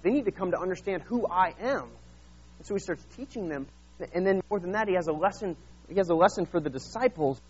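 A man preaching a sermon, retelling Bible scenes in a lively, casual way and acting out the characters. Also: a little high, breathy edge, muffled recording. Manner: animated, acts out Bible scenes in casual voices. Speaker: pastor.

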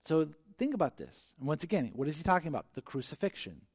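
Male pastor, conversational sermon delivery, lively and slightly high-pitched, restarts mid-thought. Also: quick pace, no room sound, studio quality. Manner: animated, conversational preaching with frequent restarts.

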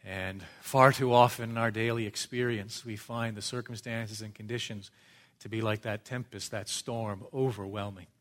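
A middle-aged man delivers a sermon in a church. He speaks in a measured, earnest way, lifting his voice for emphasis and sinking to soft, low asides. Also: fairly even intonation. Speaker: preacher.

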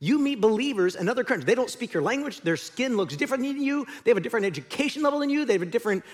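A man's voice: extremely high pitch, lively intonation, rapid-fire. A man preaching a sermon as the pastor, conversational and joking, speaking in a large church auditorium.

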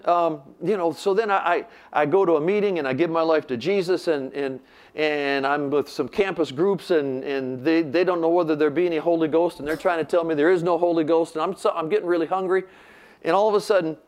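A man's voice: a little high, brisk. An older man preaching, telling a story animatedly and acting out the voices he quotes. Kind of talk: sermon storytelling.

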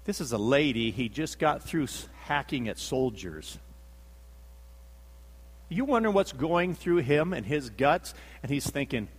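A man's voice: mid-range voice, very animated, unhurried, husky, long reverb tail. A man preaching a sermon, telling the story dramatically, acting out the quotes and repeating himself for emphasis.

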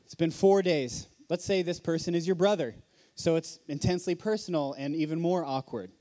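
A man with a high-pitched voice preaches a sermon at a conference, speaking in a hall. He talks earnestly and conversationally, leaning on rhetorical questions to draw in the room. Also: normal speed, dark tone.

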